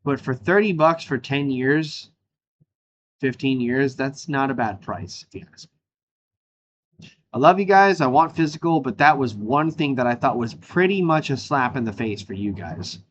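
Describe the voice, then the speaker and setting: A man hosts his show with casual, rambling chatter that hops from topic to topic. His pitch swings widely and expressively as he talks. The audio is slightly dull and lo-fi, with a faint hiss underneath. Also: normal speed. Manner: animated, jumps between topics, frequent fillers and laughs. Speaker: show host.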